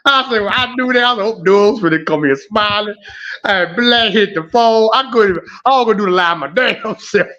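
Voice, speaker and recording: A man hosting an emotional live stream, animated, groaning and exclaiming as he talks. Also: high voice, normal speed, lo-fi sound. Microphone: home streaming setup.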